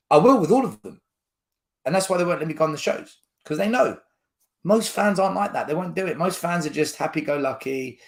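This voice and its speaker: A man hosting a football fan channel, ranting to camera in a blunt, argumentative way. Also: a little high. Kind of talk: fan opinion rant to camera.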